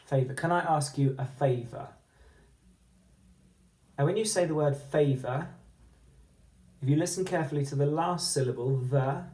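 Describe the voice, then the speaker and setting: A teacher giving a phonics lesson, slowly sounding out words syllable by syllable and letter by letter. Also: mid-range voice, mellow. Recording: echoey room.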